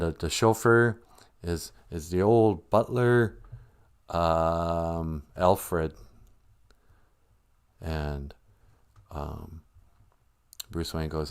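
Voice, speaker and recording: A man's voice: low voice, darkish tone, clean tone. A man on a livestream retelling a story in a casual, jokey, rambling way. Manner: rambling, jokey, with fillers and restarts.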